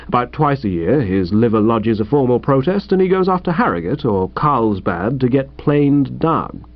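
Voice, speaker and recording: A man reading a comic first-person story in a breezy, chatty way. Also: medium pitch. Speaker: audiobook reader. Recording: dull dry recording.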